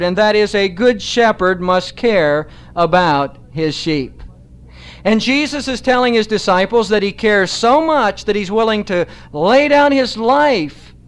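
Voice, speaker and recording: A man delivers a sermon in a measured, emphatic style, slowing down to stress the key phrases. His voice sits high and sounds smooth.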